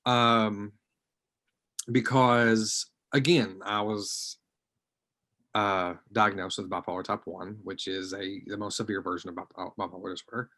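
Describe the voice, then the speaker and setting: Hesitant low-voiced man sharing his story. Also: steady tone, unhurried. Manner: hesitant and reflective, often trailing off quietly. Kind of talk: personal testimony in an online group discussion.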